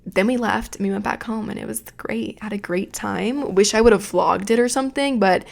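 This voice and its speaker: A woman's voice: mid-range voice, a little fast, gravelly. A young woman in her early twenties hosting a casual storytelling podcast, talking in a chatty, profane way. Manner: chatty and profane, retelling a night out. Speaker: podcast host.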